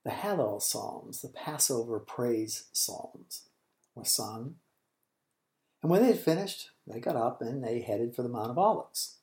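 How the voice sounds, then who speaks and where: In a reverberant space, a medium-pitched man with a warm, animated voice hosts a Bible teaching podcast. He works through scripture in an unhurried, thoughtful way and lowers his voice to a whisper when quoting lines.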